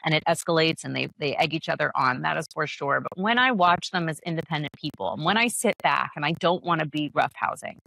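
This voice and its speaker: A woman's voice: sits low, lively intonation, a little fast, vocal fry, hardly any pauses, pushed and bright, no echo. A woman guest on a podcast, talking candidly about parenting as a yoga teacher, laughing often and restarting her sentences. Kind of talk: conversational podcast interview.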